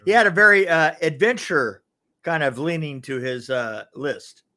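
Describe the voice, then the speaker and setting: A man co-hosting a podcast in casual banter, easygoing and wry, quick to laugh. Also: a little high, sharp tone. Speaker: podcast co-host.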